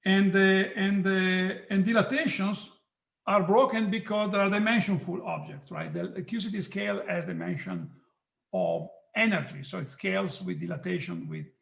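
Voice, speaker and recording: High gravelly guy teaching physics, keeps restarting, saying okay a lot, echoey room. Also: a bit bright. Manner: halting, many restarts and "okay"s. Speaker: physics lecturer. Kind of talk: live online lecture. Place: hot room.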